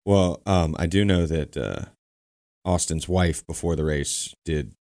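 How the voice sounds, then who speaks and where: Deep-voiced joking man. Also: measured pace, darkish tone. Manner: joking, dry asides. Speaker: podcast co-host. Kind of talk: casual chat.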